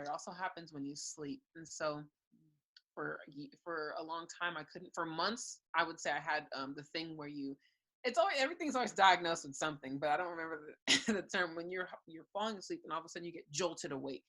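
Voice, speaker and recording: A young woman with a fairly low voice speaks frankly and earnestly as an interview guest, telling her own story. She sometimes breaks into a light laugh between thoughts. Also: fairly quick, sharp tone, rough recording. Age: young adult. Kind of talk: candid personal testimony in an interview.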